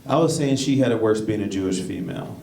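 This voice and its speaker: A man performs a stand-up set on a club stage, making conversational, jokey asides to the crowd between jokes as the audience laughs. His fairly low voice is warm with vocal fry, lively intonation and a quick pace. The club is echoey and noisy, with the mic heard from a distance.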